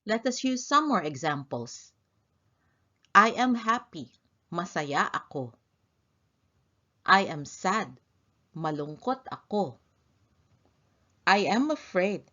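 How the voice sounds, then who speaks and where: Slow, lively female language teacher. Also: medium pitch, lo-fi sound. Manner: slow, deliberate, clear enunciation of vocabulary. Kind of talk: scripted language lesson.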